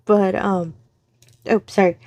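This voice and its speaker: A woman's voice: mid-range voice, fairly even intonation, takes it slowly, a little mellow, no room sound. A middle-aged woman, chatting casually to her viewers on her crafting channel, rambling and correcting herself as she goes. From Texas, US. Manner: rambling, self-correcting, friendly.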